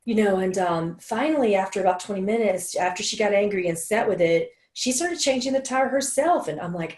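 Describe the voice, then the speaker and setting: A woman's voice: medium pitch, expressive, a little fast, hardly any pauses, darkish tone, reverberant. A woman co-hosting a casual chat, telling an emotional personal story and quoting others. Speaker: co-host.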